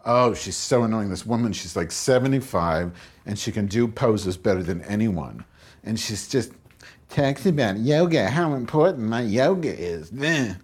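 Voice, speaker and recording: A man with a lowish, animated voice and a breathy edge talks at ordinary speed. As host of his own show, he rambles crudely through comic anecdotes, taking on both roles in each exchange and raising his voice to act out what people said.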